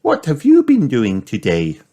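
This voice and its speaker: A man's voice: medium pitch, huge pitch swings, unhurried, warm tone, pitched above the performer's own voice. A man doing a curious little wolf girl. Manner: eager, wide-eyed.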